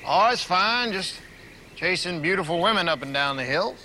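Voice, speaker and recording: An actor playing an aging former astronaut with a Southern drawl, grumbling and restless about a quiet farm life. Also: male voice, high-pitched, expressive, normal speed, background noise. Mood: teasing grumpy. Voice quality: gravelly drawl. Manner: grumbling, plain-spoken. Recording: TV episode clip with background ambience.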